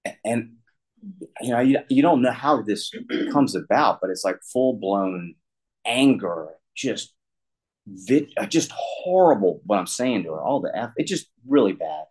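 Low-voiced man telling his story candidly. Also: expressive, unhurried, darkish tone, husky, low-quality recording. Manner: rambling, self-deprecating, frequent restarts. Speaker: guest sharing recovery story.

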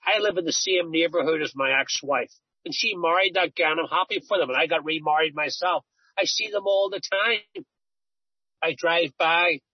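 Husky middle-aged man telling his story. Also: fairly high pitch, no echo, highs cut off. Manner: earnest, storytelling, repeats himself. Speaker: recovery speaker. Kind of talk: personal testimony talk.

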